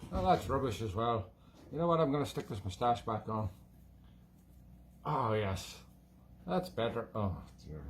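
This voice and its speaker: A man's voice: medium pitch, lively intonation, a little slow, long pauses, background noise, natural voice. A man voicing a cheeky male leprechaun in a put-on Irish brogue, rambling playfully and telling corny jokes between tunes. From Scotland. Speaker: musician and show host. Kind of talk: casual comic chat between tunes.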